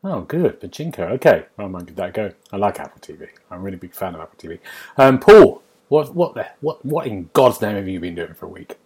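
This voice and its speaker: A man hosting a casual podcast chat, jokey and upbeat, quick to laugh. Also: lowish voice, sing-song, darkish tone, breathy edge. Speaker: podcast host.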